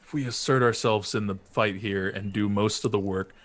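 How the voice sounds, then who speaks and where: A man's voice: lowish voice, steady tone. A man playing in a tabletop game, chatting casually with a scheming, joking manner. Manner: scheming, jokey, quick to laugh. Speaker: player.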